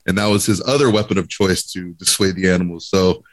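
A man's voice: sits low, brisk. Man telling a wild story on a podcast. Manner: lively, building comic tension. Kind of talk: animated anecdote.

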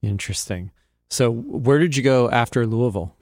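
A man's voice: mid-range voice, animated, normal speed, darkish tone. A man hosting a podcast, asking short questions and reacting in casual chat. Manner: brief prompts and questions, laughs along. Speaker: podcast host.

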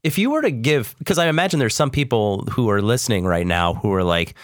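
A man's voice: medium pitch, animated, fairly quick, few pauses, dry recording, studio quality. A man hosting a podcast, asking reflective, thoughtful questions. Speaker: podcast host. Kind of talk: conversational interview.

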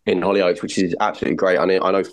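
A man's voice: low voice, little pitch movement, rapid-fire, low-quality recording. A man, a soap actor guest, chatting enthusiastically in a casual interview, often repeating words as he talks.

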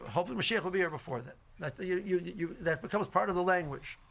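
A man teaches an informal Torah class in a somewhat raised voice with a rough, gravelly edge. He rambles through his points with constant "you know"s and restarts. He slips Hebrew and Yiddish terms into his English as he goes. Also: high voice, fast talker, a bit bright. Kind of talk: informal religious lecture.

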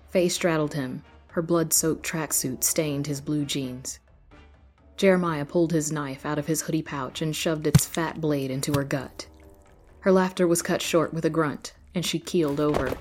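Low-voiced woman narrating horror fiction. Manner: measured, steady storytelling. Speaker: host and narrator.

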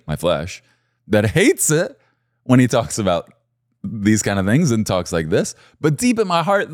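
A man preaching a sermon, animated and repeating key phrases for emphasis. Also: mid-range voice, no echo, clean studio sound. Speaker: pastor.

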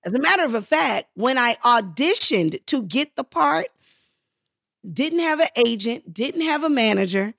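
A woman guest in a podcast interview, telling stories in a lively way and acting out the voices of the people she quotes. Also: moderate pace, gravelly, dry recording, clean studio sound. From Los Angeles. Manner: acts out quoted voices with big pitch jumps, laughing, lively. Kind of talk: animated storytelling in a podcast interview.

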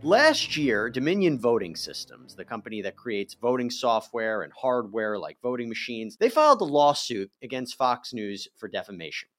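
A man with a mid-range voice hosts a legal news show. He reads his script in a clear, measured way and leans on the key words. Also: mid-range voice, very animated, a bit bright, faint music behind.

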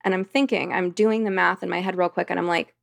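Gravelly-voiced woman telling a story. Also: on the low side, steady tone, fast talker, no echo, studio quality. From United States. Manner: rambling, vivid anecdotal storytelling with fillers. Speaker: podcast guest. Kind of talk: storytelling in conversation.

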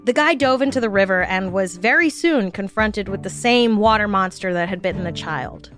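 Woman, podcast host, scripted storytelling, wry jokey asides, mid pitch, soft background music. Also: moderate pace.

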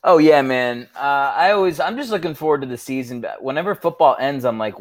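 Wry, deadpan comedian guest. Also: male voice, a little high, brisk, hardly any pauses, dry recording. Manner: wry, deadpan musing with mild swearing. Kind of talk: casual podcast chat.

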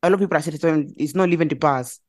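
A woman with a low, darkish voice co-hosts a podcast, chatting casually at a rapid-fire pace. She's blunt and opinionated, frequently restarting her phrases mid-thought.

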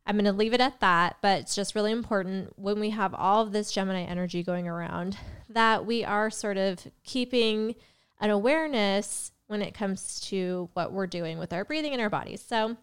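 A young woman talks through her astrology podcast in a loose, rambling way, full of little asides. Her voice is very smooth and clear, with a slight cough behind it. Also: medium pitch. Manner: chatty, rambling, with fillers and self-interruptions. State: has a cough. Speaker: podcast host and tarot reader. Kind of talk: casual solo podcast monologue.

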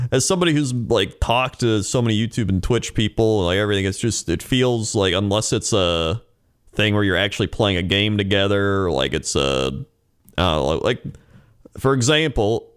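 A man in relaxed casual podcast chat, talking in a reflective way with many fillers. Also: fairly low pitch, clean tone.

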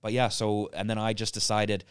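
A man, a comedian chatting as a guest on a podcast in an animated, storytelling way. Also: moderate pace, smooth, dry recording, studio quality. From Canada. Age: late 20s. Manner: animated storyteller, breaks into loud high impressions. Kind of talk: casual podcast chat.

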